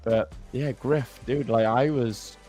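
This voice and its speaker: A man from Pembrokeshire with a light Welsh accent hosts a loose livestream chat. He talks casually, laughs easily and rambles between stories. His voice sits at a middling pitch over faint background music. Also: steady tone, slow, a little mellow. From Pembrokeshire, Wales. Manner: chatty, laughs often, slips into put-on accents. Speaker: livestream host.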